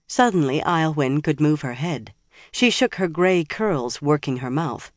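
An audiobook narrator reading fantasy prose in a steady, measured way. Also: mid-range voice, no room sound, studio quality.

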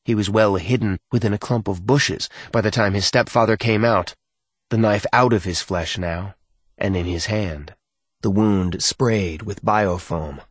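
A man reading a novel aloud as narrator, in a measured and subdued storytelling manner. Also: lowish voice, slightly rough, no echo. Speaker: audiobook narrator. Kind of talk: scripted narration.

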